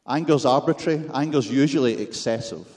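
A man's voice: mid-range voice, fairly quick, darkish tone. A man with a Scottish accent preaching a sermon, with wry, self-deprecating humor and rhetorical questions to the congregation.

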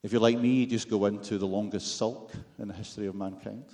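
A man's voice: fairly low pitch, steady tone, fast talker, mellow. A man with a Scottish accent preaching a sermon, with wry, self-deprecating humor and rhetorical questions to the congregation.

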